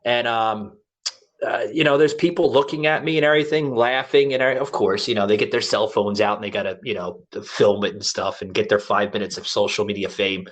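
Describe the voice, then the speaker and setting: A man's voice: on the low side, a little fast. Rambling male podcast host. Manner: rambling, animated storyteller with many fillers and restarts. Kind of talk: casual storytelling chat.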